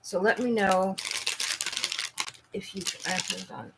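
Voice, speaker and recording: Woman chatting on a livestream, slow and earnest, keeps restarting her sentences, middle pitch. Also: fairly even intonation, vocal fry, noisy background. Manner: halting, earnest, restarts often. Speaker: livestream host. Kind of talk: casual livestream chat.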